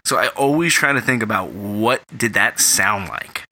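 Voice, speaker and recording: A man's voice: on the low side, expressive, moderate pace, sharp tone. A man co-hosting a podcast in casual chat, ranting bluntly with lots of swearing. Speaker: podcast co-host.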